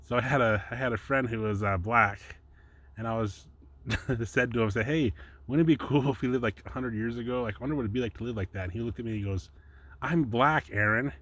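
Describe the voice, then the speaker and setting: Man, Bible teaching, casual and rambling, chuckling, mid-pitched voice. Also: fast talker, a bit bright. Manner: chatty and rambling, chuckles often. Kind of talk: casual home teaching with slides.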